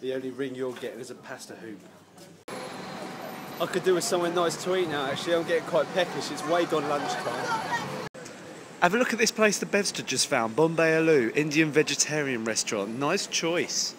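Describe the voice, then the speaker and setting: A man's voice: fairly high pitch, lively intonation, fairly quick. Jokey man vlogging outdoors. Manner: jokey, chatty, teasing. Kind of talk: casual vlog narration. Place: outdoors, windy seaside town streets. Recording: windy outdoor noise, traffic.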